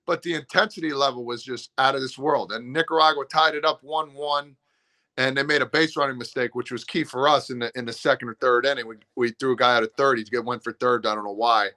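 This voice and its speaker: Man, former ballplayer, animated storyteller, bright forceful voice, casual interview. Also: mid-range voice, quick pace. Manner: animated, acts out pep talks. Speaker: former baseball player, guest.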